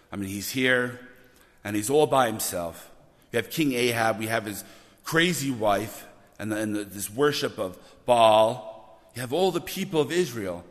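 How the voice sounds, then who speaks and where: A man preaching a sermon, animated and often repeating words as he builds to loud emphasis. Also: lowish voice. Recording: long reverb of a church hall.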